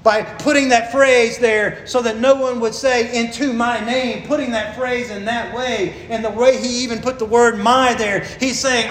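In a sermon, a pastor preaches with a high, earnest, fairly bright voice and fairly even intonation, pressing hard on key phrases and slowing down to stress them. The room sounds roomy and echoey, with a faint hiss of ambience beneath.

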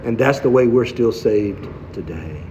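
A man's voice: lowish voice, lively intonation, unhurried, warm tone, a little hiss or hum. A male preacher giving an expository sermon, posing rhetorical questions and driving points home by repetition. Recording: dull sound with long hall reverb.

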